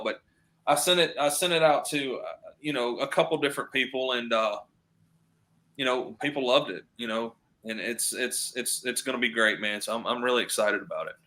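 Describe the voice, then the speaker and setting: Speaking at medium pitch and a moderate pace, this man's voice is pushed and bright as he chats casually as a podcast guest. His stories feature acted-out quotes and drawling repeats.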